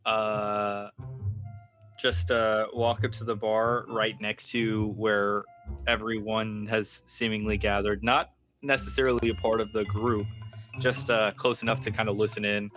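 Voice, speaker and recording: A man playing a character in a tabletop role-playing game, talking in a relaxed, amused way. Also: fairly low pitch, a little slow, faint music behind. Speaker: player. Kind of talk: casual tabletop game chat.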